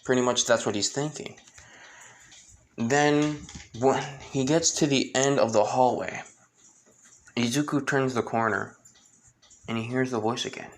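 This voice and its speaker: A man's voice: mid-range voice, fairly even intonation, unhurried, long pauses, slight background noise. A man telling a fan story in a casual, rambling way, with restarts and asides.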